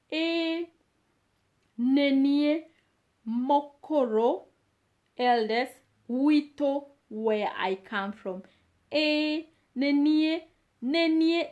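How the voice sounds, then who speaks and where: A woman teaching a beginner language lesson, repeating each phrase and pausing with fillers as she explains. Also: on the high side.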